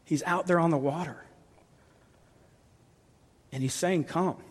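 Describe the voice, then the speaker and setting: A male pastor preaching a sermon, sinking to soft intimate tones at times. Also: a little high, takes it slowly, husky. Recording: long reverb of a large hall.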